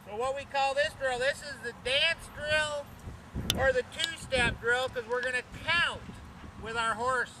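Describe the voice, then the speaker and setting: A man's voice: very high-pitched, unhurried, background noise. A man teaching horse riding while on horseback outdoors, counting strides aloud and checking in with his listeners. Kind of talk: instructional talk while riding.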